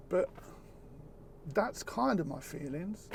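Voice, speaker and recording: Slow gravelly-voiced earnest man. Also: a little high, background noise. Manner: earnest, halting, repeats words, occasional swearing. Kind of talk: reflective casual chat.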